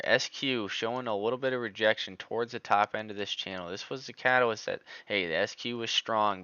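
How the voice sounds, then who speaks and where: A man streaming live stock trading, talking through charts in a casual, excitable way. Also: fairly low pitch, clean tone, dry recording, highs cut off. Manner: excitable, groans over missed trades. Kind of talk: live market commentary.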